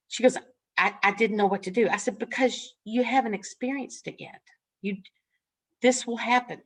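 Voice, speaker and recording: A woman's voice: on the high side, moderate pace, slightly rough. An older woman teaching a nursing class, frank and folksy, laughing often as she tells stories from the ward. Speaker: nursing instructor. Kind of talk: classroom lecture with storytelling.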